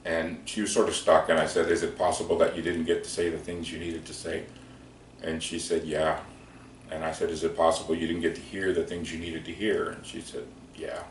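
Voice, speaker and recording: A man telling a heartfelt story in a gentle, conversational way with many fillers. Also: low-pitched, little pitch movement, brisk. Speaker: speaker recounting prayer sessions. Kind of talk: storytelling talk. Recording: echoey room, distant mic, faint noise.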